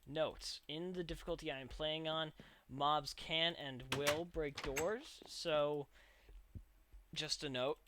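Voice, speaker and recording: A man's voice: on the high side, fairly even intonation, takes it slowly. A young man rambling through casual gameplay commentary as a let's play host, with chatty, self-mocking asides. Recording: noisy home recording with clicks.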